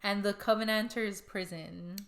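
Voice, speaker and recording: A woman's voice: mid-range voice, steady tone, normal speed, a bit bright. Chatty woman reading ghost stories. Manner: chatty, giggly, reads notes with asides. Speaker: podcast co-host. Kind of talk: casual chat, reading ghost stories aloud.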